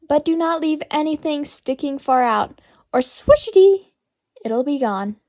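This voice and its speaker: A woman with a bright, high-pitched voice reads children's poetry aloud. Her delivery is playful and sing-song, rising and dipping with each rhyme. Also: expressive, measured pace. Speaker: reader of children's poems.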